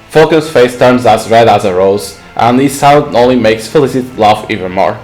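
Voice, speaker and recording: A young man reading a story game's narration aloud in a plain, mid-pitched voice, stumbling over a word now and then. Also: normal speed, darkish tone, faint music behind, poor audio. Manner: reads narration with small stumbles and restarts. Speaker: gaming channel host. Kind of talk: reading a visual novel aloud.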